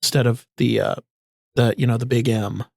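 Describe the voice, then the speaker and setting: A man co-hosting a comedy podcast, improvising a scene in a halting way, full of fillers and restarts. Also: mid-range voice, fairly even intonation, gravelly, a little mellow, no echo, clean studio sound. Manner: hesitant, many fillers and restarts. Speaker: podcast co-host.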